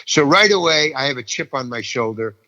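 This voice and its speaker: A man's voice: mid-range voice, expressive, fairly quick, sharp tone, big-room sound, dull audio. An older man telling a story about an audition, acting out the people in it and often repeating himself. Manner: restless, repeats himself, acts out each person in the story. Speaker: actor telling an anecdote. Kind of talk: animated storytelling.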